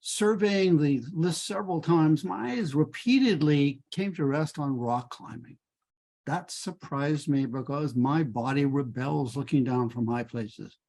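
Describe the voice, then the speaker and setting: Slow older man reading a story. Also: a little high, a little mellow. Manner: measured, deliberate reading. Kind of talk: reading a personal story aloud.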